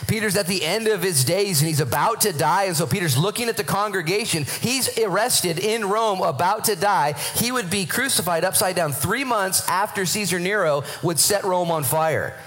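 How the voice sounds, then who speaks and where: A man's voice: high voice, moderate pace, few pauses. A male pastor preaching a sermon and telling stories with acted-out quotes. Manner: animated storytelling with acted-out quotes.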